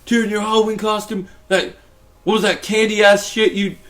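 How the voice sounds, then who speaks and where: Brief: male reviewer putting on a gruff, goading vigilante, voice pushed slightly high. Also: level tone, moderate pace, a bit bright. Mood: mocking. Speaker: impression of a screen actor's character.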